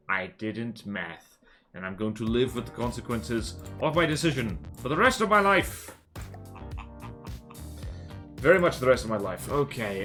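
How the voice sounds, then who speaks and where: Playing a game on a live stream, a man chats casually at an ordinary middle pitch, rambling between thoughts and joking at his own expense. Soft, faint guitar music plays behind him.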